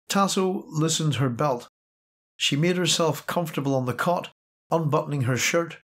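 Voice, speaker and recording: A man reading science fiction aloud as an audiobook narrator, steady and measured. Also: fairly high pitch. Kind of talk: scripted narration.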